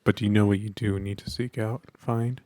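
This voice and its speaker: A young man co-hosting a podcast, chatting emphatically and swinging from loud outbursts to hushed asides. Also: on the low side, fairly even intonation, fairly quick, dry recording, studio quality. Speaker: podcast co-host. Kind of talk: casual chat.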